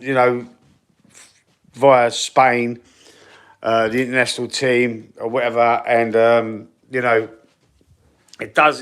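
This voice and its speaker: A man's voice: mid-range voice, fairly bright tone, smooth. A man from East London with a Cockney accent, hosting a casual football live stream, rambling and chatty with many fillers and a runny nose. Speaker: football channel host.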